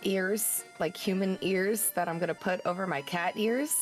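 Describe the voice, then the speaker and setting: A woman's voice: medium pitch, normal speed, hardly any pauses, faint music behind. A woman playing in a tabletop game, chatting playfully about her character and laughing as she goes. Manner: playful, giggly, describing her character's plans. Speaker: player. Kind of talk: casual chat in a tabletop game.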